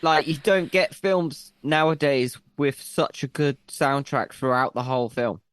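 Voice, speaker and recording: A man's voice: medium pitch, steady tone, a little slow, a bit bright, no echo. A man co-hosting a podcast. He talks about a film in blunt, casual chat and swears freely. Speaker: podcast co-host.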